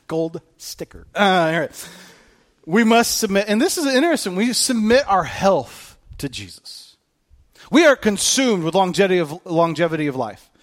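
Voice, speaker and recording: A man in his thirties, a pastor preaching a sermon in an animated, joking, self-mocking way. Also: high-pitched, a little slow.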